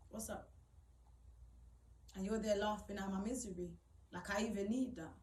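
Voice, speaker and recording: A woman's voice: mid-range voice, steady tone, moderate pace, a little mellow, echoey room, recorded from a distance, a little hiss or hum, poor audio. A young woman telling a personal story to camera, blunt and swearing, rising to indignant outbursts. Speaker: vlogger.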